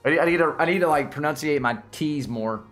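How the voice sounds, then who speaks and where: Excitable Southern man, livestream host. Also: a little high, a little fast, faint music behind. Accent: Southern American. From Tennessee, USA. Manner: laughs often, lively and excitable. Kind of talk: casual livestream chat.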